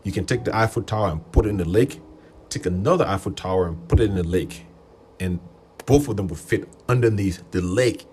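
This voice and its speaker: A man hosting a livestream and telling a rambling, animated story in a casual voice, quoting people in raised voices. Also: low-pitched, a little fast, slight background noise. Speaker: livestream host.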